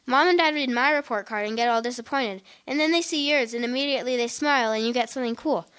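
A woman's voice: on the high side, fast, a bit bright, clear, resonant tone, natural voice. A woman reading the part of a scheming, provoking teenage girl twin in a story. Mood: upset. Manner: sly, provoking.

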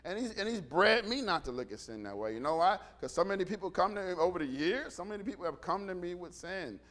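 A middle-aged man preaching a sermon, animated, swinging from quiet asides to shouts and acting out dialogue. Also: sits high, fast. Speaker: pastor.

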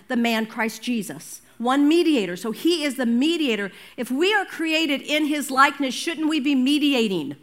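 An older woman pastor preaching a sermon in a lively, conversational way, breaking into personal stories and asides. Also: sits high.

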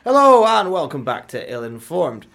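A man's voice: on the high side, normal speed, creaky, faint music behind. A young man co-hosting a student radio show, chatting casually and making up characters as he goes. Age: young adult. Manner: animated storytelling, making up characters. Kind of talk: casual banter. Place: radio studio.

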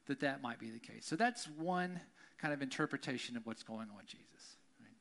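A man's voice: medium pitch, a bit bright. A male pastor preaching a conversational sermon, often checking in with the congregation. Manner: conversational, keeps asking "right?".

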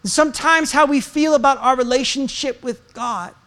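An American pastor delivering a sermon, telling a personal story with self-deprecating humor and animated delivery. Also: sits high, normal speed. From United States.

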